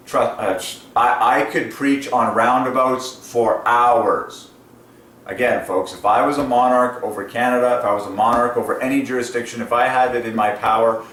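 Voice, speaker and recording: A man hosting his channel rants enthusiastically in a casual monologue, laughing often, his mid-range voice a bit bright. He sounds distant from the mic, with roomy echo and faint noise.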